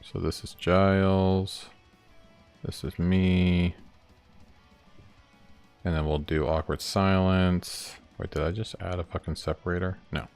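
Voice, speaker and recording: A man's voice: deep voice, fairly even intonation, slow, long pauses, darkish tone, clean tone, soft background music. A man livestreaming as he builds his game, thinking aloud, rambling and chuckling as he works through each step. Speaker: indie game developer streaming his work. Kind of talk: casual livestream, thinking aloud while working.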